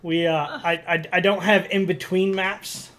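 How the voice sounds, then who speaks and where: A man's voice: high-pitched, flat delivery, moderate pace, fairly bright tone. A man running a tabletop game as game master, with a hesitant manner full of fillers and restarts.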